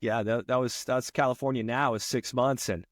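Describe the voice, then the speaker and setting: Male podcast guest, easygoing and rambling, mid pitch, close dry mic. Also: fairly even intonation, moderate pace, no echo. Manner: laid-back, loose, peppered with "you know" and "man". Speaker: guest, Navy veteran. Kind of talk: casual conversation.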